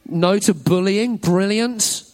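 A man's voice: high voice, takes it slowly, soft background music. A man leading a children's talk in a church service, upbeat and encouraging, praising every answer. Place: church hall with an audience.

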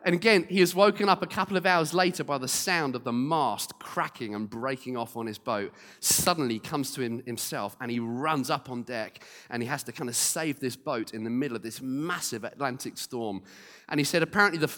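A man preaching a sermon, telling stories lively and speaking straight to the congregation. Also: mid-range voice, a little fast, big-room sound. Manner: lively storyteller, acting out quotes, direct to congregation. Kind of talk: storytelling sermon.

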